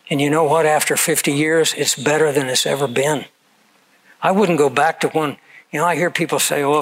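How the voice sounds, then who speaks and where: A man's voice: fairly high pitch, a bit bright, rough recording. Older man preaching with conversational storytelling. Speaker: pastor. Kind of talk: sermon.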